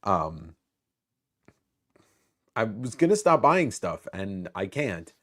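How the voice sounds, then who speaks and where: A man's voice: lowish voice, very animated, takes it slowly, a bit bright. A man hosting a casual live stream, rambling and self-mocking as he greets viewers in the chat by name.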